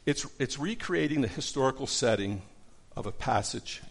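Middle-aged male Bible study teacher, gravelly, mid-pitched, casual with lots of restarts. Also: expressive, normal speed. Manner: conversational, many fillers and restarts.

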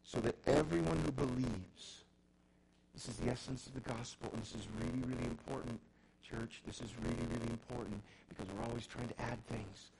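A middle-aged man preaching a sermon as pastor, often restarting words and swinging between loud emphasis and quiet intensity. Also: mid-range voice, little pitch movement, fast talker, a little hiss or hum, poor audio. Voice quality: gravelly.

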